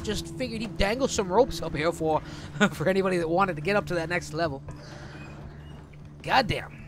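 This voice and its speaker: A man narrating his gameplay with a high-pitched voice, chatty and joking, often breaking into laughter. A faint steady hiss sits under his voice. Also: normal speed. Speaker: let's play host. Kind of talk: gameplay commentary.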